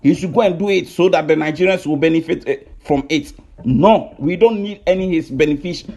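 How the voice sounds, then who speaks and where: Brisk and animated, this online commentator from Ghana speaks in a high, darkish voice with a Ghanaian English accent. He rants furiously on video, accusing others, repeating points, and hesitating often.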